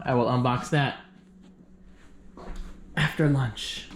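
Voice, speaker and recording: A man's voice: fairly high pitch, animated, normal speed, a little hiss or hum. A man talking casually to camera as a vlogger, rambling and joking about his day. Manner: rambling, chatty, self-joking. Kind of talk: casual vlog chat.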